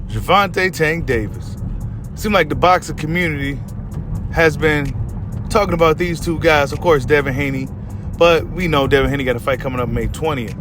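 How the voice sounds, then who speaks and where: A man talks straight to his viewers about boxing in an easy, chatty commentary. His voice sits a little high. He circles back and restates his points, with clear music running under him. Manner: conversational, repeats and rephrases points. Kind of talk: casual commentary to camera. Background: background music.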